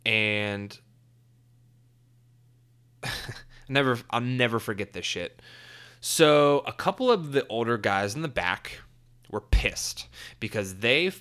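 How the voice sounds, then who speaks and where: A man's voice: medium pitch, animated, slow pace, long pauses, a bit bright, clean tone. Profane rambling young man. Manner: profane, rambling, many fillers. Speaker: former wrestler telling a story. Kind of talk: casual storytelling.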